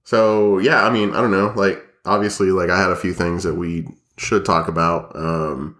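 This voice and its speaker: A man's voice: low-pitched, fairly even intonation, normal speed, a bit bright, roomy sound. A young man co-hosting a casual podcast, sounding nasal from a cold, rambling and joking with lots of fillers. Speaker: podcast co-host. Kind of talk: casual chat. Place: small home studio, echoey.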